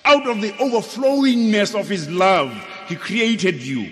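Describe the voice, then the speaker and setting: Slow, animated South African preacher. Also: male voice. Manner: playful, swooping storytelling with sudden high exclamations. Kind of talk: sermon. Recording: long hall reverb with faint music.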